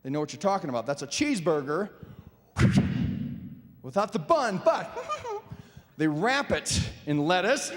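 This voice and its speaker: A man doing a stand-up comedy set on a theater stage, landing wry deadpan punchlines. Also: sits high, a little hiss or hum. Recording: live hall reverb, faint ambience.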